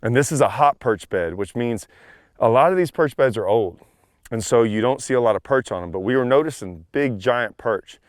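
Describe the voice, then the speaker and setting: A man, a fishing show anchor, talking excitedly and out of breath on a boat outdoors. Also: medium pitch, normal speed, no room sound, studio quality. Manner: excitable, shouting with joy. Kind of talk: excited on-camera fishing talk.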